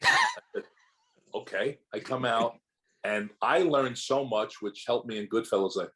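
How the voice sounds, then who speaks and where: Over poor audio, an older male actor with a medium-pitched voice takes his time sharing stories in a relaxed interview. He animates his anecdotes by performing the quotes of others.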